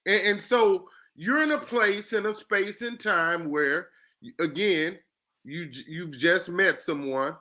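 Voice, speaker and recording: A man hosting a casual discussion, animated and joking as he lays out scenarios. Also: high-pitched, slow pace. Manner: animated, poses scenarios, jokey asides.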